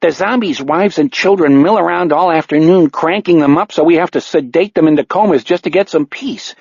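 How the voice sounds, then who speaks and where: A man's voice: a little high, fairly quick, gravelly, darkish tone, slightly rough, no echo, lo-fi sound, voice pushed up. Man doing a griping, greedy nursing home boss. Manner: griping, complaining. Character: greedy middle-aged nursing home boss, whiny and sour.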